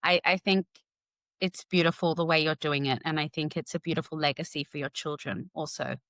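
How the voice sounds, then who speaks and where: Brief: woman host, low-ish pitch, calm supportive interviewer, dry sound. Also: brisk, no echo. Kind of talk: interview conversation.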